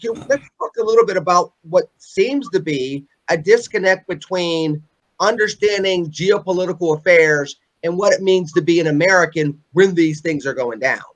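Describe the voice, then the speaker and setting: A man hosting a political panel discussion, pressing guests with pointed, rapid-fire questions. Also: high voice, rough recording. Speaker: host.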